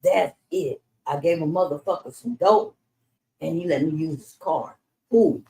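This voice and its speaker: A woman's voice: low voice, animated, a little slow, creaky, dark tone, poor audio. A middle-aged woman from Los Angeles telling her life story in a casual interview, cursing freely and acting out the voices of the people in it. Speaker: interview guest.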